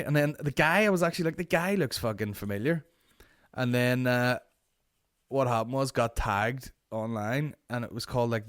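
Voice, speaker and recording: A young Northern Irish man hosting a podcast, telling a story in a sweary, animated way and acting out the voices of the people in it. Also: mid-range voice, no echo, clean studio sound. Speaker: podcast host. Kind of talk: casual storytelling.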